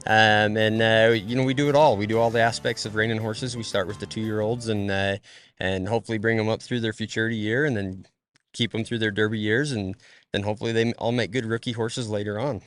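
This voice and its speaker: A man answering interview questions as a horse trainer, relaxed and hesitant with many fillers. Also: fairly low pitch, fairly quick, faint music behind.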